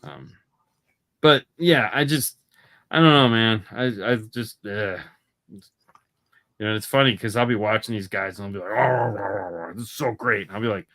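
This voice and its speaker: A man with a low, bright voice co-hosts a podcast. He talks in loose, rambling casual chat, circling back and repeating himself as he spins out long everyday stories. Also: a little slow, long pauses. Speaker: podcast co-host.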